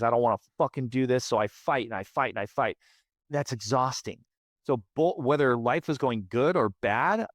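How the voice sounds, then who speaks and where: The podcast guest is a man in his late thirties who fronts a band, and his voice sits at a medium pitch. Candid and foul-mouthed, he recounts something deeply personal with emphasis and plenty of repeated words, in studio-quality sound without room echo.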